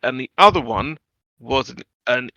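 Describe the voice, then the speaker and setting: Guy cracking jokes on a podcast, bright forceful voice, dry close sound. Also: mid-range voice, moderate pace, no room sound, dull audio. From Britain. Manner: jokey, laughs often, swears. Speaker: podcast co-host. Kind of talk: casual chat.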